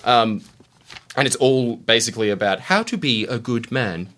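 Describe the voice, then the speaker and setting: A man's voice: medium pitch, expressive, moderate pace, fairly bright tone. A man hosting a casual podcast, telling history with jokey, mock-solemn asides. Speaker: podcast host. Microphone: studio mic.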